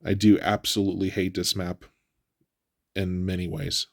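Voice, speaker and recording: Stuffy-nosed man, low gravelly voice, casual game walkthrough commentary, dry close mic. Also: normal speed, no room sound. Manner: relaxed, explanatory, with frequent fillers. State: stuffy nose. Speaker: gameplay commentator.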